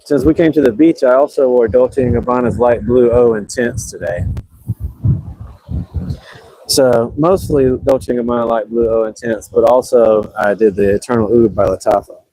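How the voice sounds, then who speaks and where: A man livestreams from an ocean beach, talking loosely and with easy self-deprecation. His voice is mellow and dark, at a medium pitch. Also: moderate pace, no echo, low-quality recording. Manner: chatty, rambling and self-deprecating. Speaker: livestream host. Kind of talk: casual livestream chat.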